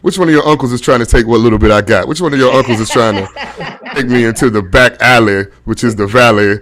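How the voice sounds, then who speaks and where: A middle-aged man with a deep voice, telling a laid-back stand-up set over a video call and laughing at his own jokes. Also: fast, fairly bright tone. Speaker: stand-up comedian.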